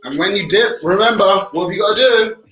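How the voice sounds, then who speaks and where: A man's voice: high-pitched, a little fast, loud music behind the voice. A man co-hosting a kids' painting class, upbeat, prompting and reassuring the viewers. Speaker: co-host. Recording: echoey room.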